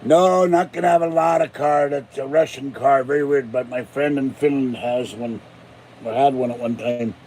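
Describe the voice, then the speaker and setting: A man's voice: medium pitch, fairly even intonation, moderate pace, a little hiss or hum. A man hosting his own vlog in a rambling, jokey, casual way. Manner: rambling, jokey, breaks into growled pirate shouts. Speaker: channel host.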